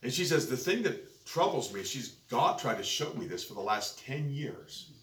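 A man's voice: medium pitch, big pitch swings, normal speed, a bit bright. A man preaching a sermon, telling a story and building to emphatic peaks. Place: church sanctuary. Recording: echoey church, distant mic, faint noise.

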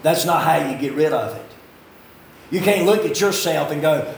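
A preacher in his fifties with a fairly high voice, heard in a very echoey church from some way off the mic. He swings from hollered lines to hushed asides. Faint room sound sits behind him. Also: normal speed, creaky, distant mic, slight background noise. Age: 50s. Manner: swings from shouting to low, quiet asides. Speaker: pastor. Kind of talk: fiery sermon. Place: church sanctuary.

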